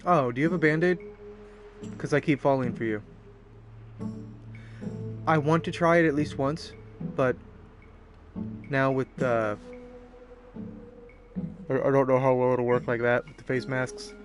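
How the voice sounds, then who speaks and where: A man's voice: medium pitch, fairly even intonation, a little slow, long pauses, over music. A man streaming a visual novel, reading the story aloud and breaking off into profane, self-mocking asides. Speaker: game streamer.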